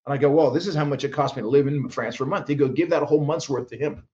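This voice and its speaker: A man's voice: medium pitch, very fast, warm tone, muffled recording. A man guest minister telling stories in an interview, acting out quoted voices with frequent restarts. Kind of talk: animated storytelling interview.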